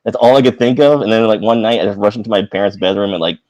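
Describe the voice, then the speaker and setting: A man with a lowish voice tells a story at a quick clip, acting out the lines of the people in it. The sound is dry and close. He has the relaxed manner of a casual podcast chat. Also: no echo, lo-fi sound. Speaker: podcast co-host.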